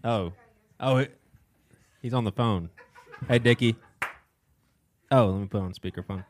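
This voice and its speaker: A man's voice: fairly low pitch, normal speed, a little hiss or hum. A man co-hosting a live podcast, playing along with comic bits. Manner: playful bit-player. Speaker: podcast co-host. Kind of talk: live podcast chat with audience.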